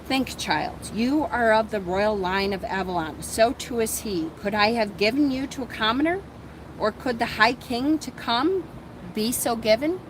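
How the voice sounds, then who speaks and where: A woman reading aloud the lines of a stern older high priestess in a storybook, in a cool, matter-of-fact manner. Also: lively intonation, unhurried, a little hiss or hum, rough recording.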